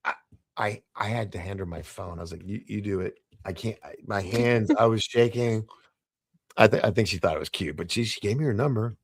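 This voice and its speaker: A gravelly, fairly low-pitched man spins a story as a podcast guest. He tells it animatedly, with frequent laughs and quick restarts, and his voice sounds close and dry. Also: no echo. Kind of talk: casual storytelling.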